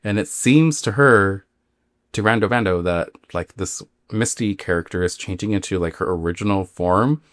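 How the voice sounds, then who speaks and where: Low-voiced man casually retelling a spooky tale. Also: moderate pace, fairly bright tone, no echo, studio quality. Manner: rambling, filler-heavy retelling. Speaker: podcast host.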